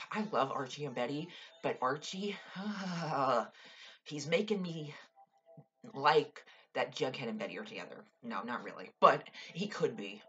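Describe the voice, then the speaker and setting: A woman's voice: very deep voice, a bit bright, lo-fi sound, slight background noise. A young woman ranting casually about a TV show, exasperated, sighing often and swearing freely. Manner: exasperated, frequent sighs and swearing. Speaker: vlogger. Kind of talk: casual TV recap rant.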